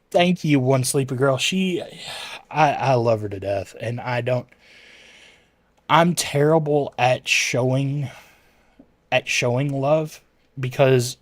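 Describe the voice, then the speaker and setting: A man with a medium-pitched voice chats casually with his livestream viewers, rambling and correcting himself as he responds to chat messages. There's no echo in the audio.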